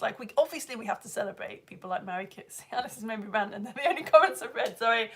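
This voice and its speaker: This is a woman, hosting a casual live stream. She chats eagerly and breaks into squeals and laughter. Her voice sits slightly higher than most women's. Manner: chatty and excitable, bursts into laughter and squeals. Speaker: live show host reading viewer comments.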